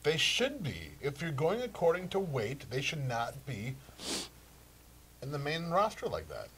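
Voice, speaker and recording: A man's voice: a little high, very animated, unhurried, fairly bright tone, husky. A man co-hosting a wrestling talk show, bantering in a teasing, argumentative way. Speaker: co-host.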